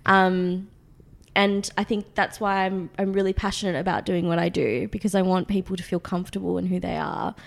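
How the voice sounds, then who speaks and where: A woman's voice: fairly low pitch, level tone, fairly quick, creaky. A woman in her late twenties with an Australian accent, chatting as an interview guest, with frequent ums and light laughter. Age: 20s. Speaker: guest, food magazine founder. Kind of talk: casual interview.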